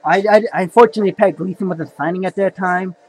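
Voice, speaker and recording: A man's voice: high voice, fast, poor audio. A young man in casual video chat, rambling about signed comics, repeating himself and saying "folks" and "you know" a lot. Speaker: comic collector vlogger. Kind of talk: casual haul video talk.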